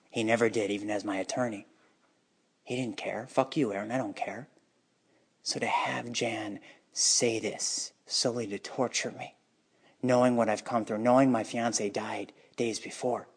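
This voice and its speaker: A man with a mid-range voice recounts his life in an unplanned monologue. His telling is emotionally charged and bitter, with occasional halts.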